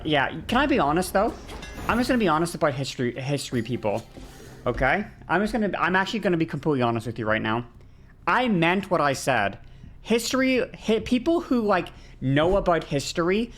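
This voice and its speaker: A woman streaming a game, chatting casually with her viewers and ranting with heavy swearing and frequent restarts. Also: deep voice. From not American. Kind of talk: casual chat while gaming on stream.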